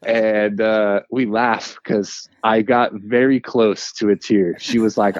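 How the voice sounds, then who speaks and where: Laid-back guy on a podcast, lowish voice, dull dry sound, calm and level. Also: measured pace, few pauses. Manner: even-keeled, relaxed storytelling with many fillers. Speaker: podcast guest, former player and coach. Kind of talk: casual podcast chat.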